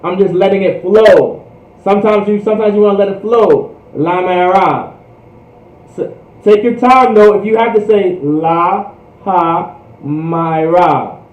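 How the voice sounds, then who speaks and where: High-voiced man teaching in an echoey room. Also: steady tone, darkish tone. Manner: drills phrases slowly, repeats often, casual asides. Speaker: language class teacher. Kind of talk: livestreamed language lesson. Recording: echoey, distant, dull lo-fi room sound.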